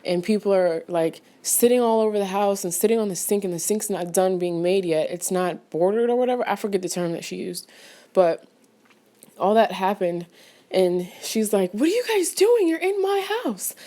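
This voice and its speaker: A woman with a mellow, soft-edged voice rambles through a casual film review for her vlog. She piles on fillers and restarts and breaks into sudden outraged exclamations. She paces back and forth while she talks. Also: mid-range voice, normal speed.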